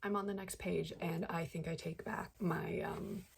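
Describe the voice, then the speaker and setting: A young woman talks casually about a novel for her book channel, saying "like" constantly and reacting with feeling. Her low voice is gravelly and husky. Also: fairly even intonation, moderate pace. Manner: chatty, heavy use of "like", reacts with feeling. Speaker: book vlogger. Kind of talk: casual book review chat.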